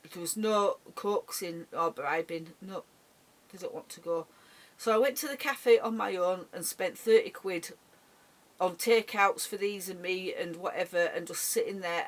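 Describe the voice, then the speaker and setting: A middle-aged woman speaking in an emotional personal vlog monologue, halting and often repeating her words. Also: medium pitch. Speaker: vlogger.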